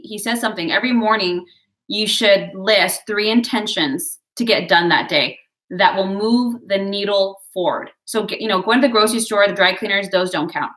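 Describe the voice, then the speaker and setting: A woman reads tarot for her viewers in a loose, conversational way. Her voice is bright and crisp, and she keeps cheering them on, calling them guys and drifting into little asides. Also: mid-range voice. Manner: chatty, digressive, encouraging, addresses viewers as guys. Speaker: tarot and astrology reader. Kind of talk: casual horoscope reading to camera.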